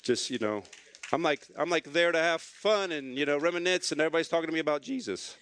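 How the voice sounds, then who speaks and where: A man's voice: a little high, fast, fairly bright tone. A middle-aged man, a pastor, preaching a sermon through a personal story, speaking earnestly and with emotion.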